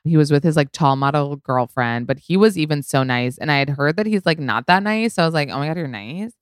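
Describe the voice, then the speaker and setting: A woman's voice: low-pitched, expressive, brisk, clean tone, dry recording, studio quality. A woman hosting her own podcast, telling a story in casual chat, full of "like" and "you know", with the odd swear word. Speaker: podcast host.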